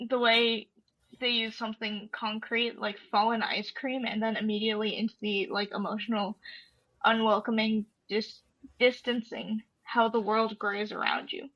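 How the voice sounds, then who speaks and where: A soft-spoken woman with a slightly high voice reads a poem slowly and then talks it over, pausing with fillers. The sound is dry and a little dull, as if from a home podcast mic. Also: steady tone, dry recording. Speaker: poetry podcast co-host. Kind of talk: poetry reading and casual discussion.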